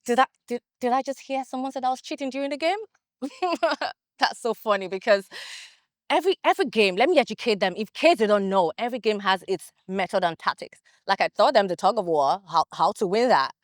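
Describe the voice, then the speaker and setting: A woman's voice: fairly high pitch, expressive, fairly quick, no echo, studio quality. A woman, a reality show contestant, giving a boastful, defiant confessional and repeating herself often. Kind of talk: confessional interview.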